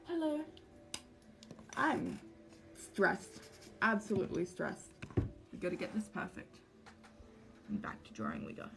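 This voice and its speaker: A woman's voice: medium pitch, huge pitch swings, normal speed, creaky, long pauses. A young woman, livestreaming as she crafts a cosplay mask, chatting anxiously and rambling to her viewers. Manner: anxious, rambling, talks to chat while drawing. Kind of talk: casual livestream chat while crafting.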